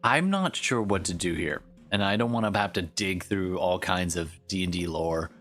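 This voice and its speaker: Deep-voiced male game master. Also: moderate pace, soft background music. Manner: relaxed, rambling, with frequent fillers. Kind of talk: running a tabletop game.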